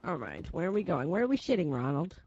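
A woman's voice: low voice, sing-song, quick pace, a little mellow, slightly rough, highs cut off, heavily acted. A woman playing a fussy old diner lady. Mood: chatty. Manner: chatty, sweetly fussing, calls out a name over and over. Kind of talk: in-character game role-play.

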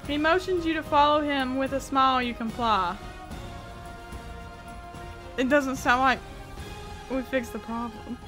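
A woman's voice: sits high, steady tone, measured pace, long pauses, sharp tone, faint music behind. A woman gaming YouTuber reading a text adventure aloud and reacting with frequent laughter, swearing and exclamations of disbelief.

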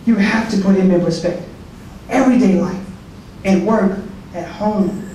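A man's voice: high voice, normal speed, warm tone. A man giving a folksy, preacherly talk at a prayer breakfast, joking with the audience and acting out quoted voices. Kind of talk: sermon. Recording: echoey hall from far off, faint noise.

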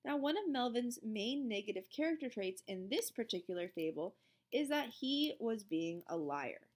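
A woman's voice: fairly high pitch, expressive, normal speed. A woman teacher reading a storybook aloud expressively, then explaining the lesson.

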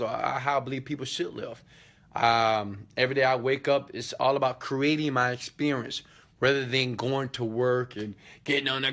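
A man's voice: mid-range voice, a bit bright. A man hosting a casual live motivational talk, answering viewer questions in an emphatic, preachy way, firing off rhetorical questions and slangy asides. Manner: emphatic and preachy, often checks in with "okay?".

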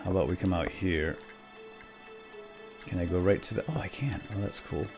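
A middle-aged man giving casual, chatty gameplay commentary, breaking into excited exclamations. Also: low-pitched, moderate pace, vocal fry, over music. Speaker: let's play host.

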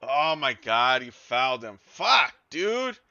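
A man commentating his own football video game as he plays, excitable and swearing, yelling at his players and groaning at their mistakes. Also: medium pitch, takes it slowly, dry recording, highs cut off. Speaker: gaming YouTuber. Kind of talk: live gameplay commentary.

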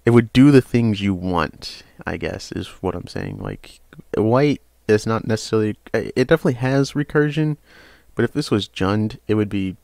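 A fairly low-pitched young man talks through trading cards in a loose, rambling way, often stopping on "uh" and then breaking into excited emphasis. The sound is dry and close, with no room around it. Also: normal speed, no room sound. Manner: rambling, chatty, hesitant with frequent uhs. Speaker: card game channel host. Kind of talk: casual card review.

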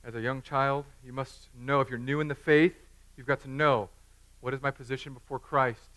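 Bright-voiced, joking man preaching. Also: mid-range voice, steady tone, normal speed. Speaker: pastor. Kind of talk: sermon. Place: church.

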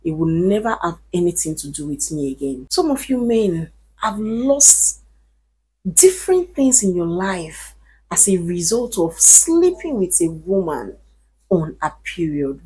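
Husky low-ish woman vlogging, earnest and pleading, leans hard on her points. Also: lively intonation, unhurried, mellow. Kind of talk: casual advice talk to camera.

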